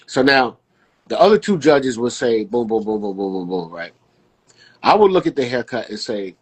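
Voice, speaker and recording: A man in casual podcast chat as a guest, telling stories with slang and jumping up in pitch when he acts out quotes. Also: brisk, slightly rough. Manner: animated storyteller, jumps high acting out quotes, casual slang.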